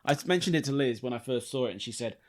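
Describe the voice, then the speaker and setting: A man, co-hosting a casual podcast chat, telling a story in an animated, mocking way and swearing freely. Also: mid-range voice, fast. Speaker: podcast co-host.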